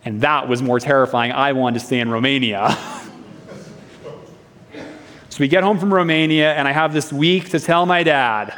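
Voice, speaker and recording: A man's voice: mid-range voice, fairly even intonation, moderate pace, long pauses, fairly bright tone. A young man preaching a sermon in a church, telling a personal story in an earnest, conversational way. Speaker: pastor. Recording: long reverb of a hall.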